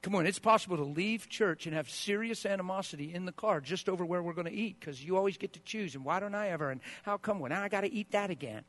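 A man pastor preaching a sermon, swinging between hushed asides and loud bursts and acting out the quoted voices of spouses. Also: high-pitched, fast, few pauses.

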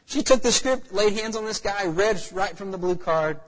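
A man's voice: high-pitched, normal speed. A man preaching a sermon in a church hall, asking the congregation rhetorical questions. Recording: echoey hall reverb.

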